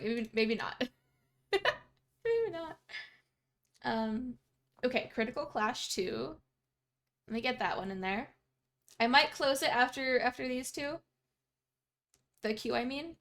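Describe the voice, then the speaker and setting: A young woman from Canada chats live with her stream viewers as she plays. Her voice sits high and bright, and she giggles often and replies to messages in a bubbly, easygoing way. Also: a little slow, long pauses. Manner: bubbly, giggly, chatty, reads chat aloud. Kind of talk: casual live-stream chat.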